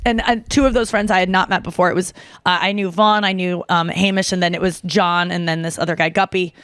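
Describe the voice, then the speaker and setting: A woman in her thirties hosting a podcast, telling a long story in a casual, animated way, full of fillers and acted-out quotes. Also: lowish voice, fairly quick, smooth, no room sound, studio quality. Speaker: podcast host.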